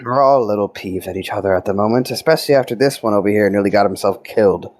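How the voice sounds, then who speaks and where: A man's voice: on the low side, fast, darkish tone, no room sound. A man playing a tabletop role-playing game, bantering and laughing between rolls. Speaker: player. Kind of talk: tabletop role-play chat.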